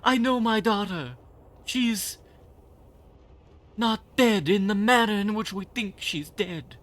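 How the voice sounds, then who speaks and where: A man voicing an eccentric older woman conspiracy theorist in a shrill, theatrical voice while streaming a game. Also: slow. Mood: mystical. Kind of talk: comic voice improv over a game.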